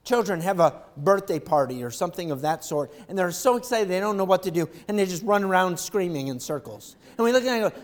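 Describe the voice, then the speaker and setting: A male pastor preaching an animated sermon, swinging from quiet reflection to loud excitement. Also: sits high, fast talker, few pauses.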